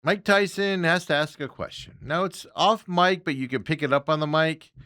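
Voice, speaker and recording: A man's voice: on the high side, normal speed, bright, forceful tone, no room sound, clean studio sound. A man hosting a casual sports talk show, rambling along with lots of fillers and chuckling asides.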